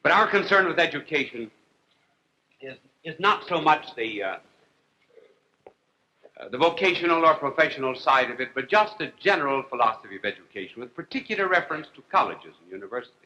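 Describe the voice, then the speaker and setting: A priest delivering a humorous televised lecture, wry and deliberate, with dry jokes and long pauses. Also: male voice, fairly high pitch, expressive, pushed and bright, lo-fi sound, a little hiss or hum. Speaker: priest and TV host.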